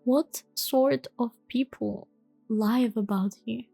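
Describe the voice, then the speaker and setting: A woman voicing a polite, curious and slightly timid young girl in a soft whispered role-play. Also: a little high, steady tone, slow, creaky, no echo, faint music behind, full character voice.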